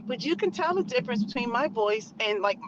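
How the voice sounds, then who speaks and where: A woman's voice: fairly high pitch, animated, fairly quick. A married woman hosting her own channel, giving outspoken, emphatic commentary in a conversational way while driving. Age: adult, married. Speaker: channel host. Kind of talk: opinionated commentary vlog. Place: in a car on a back road. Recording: muffled car recording with road noise.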